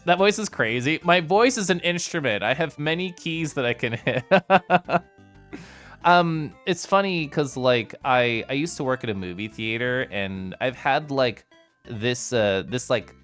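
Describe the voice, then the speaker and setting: A man's voice: mid-range voice, fairly bright tone, clear, resonant tone. A man streaming a game, chatting casually with viewers, bubbly and giggly. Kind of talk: casual live-stream chat.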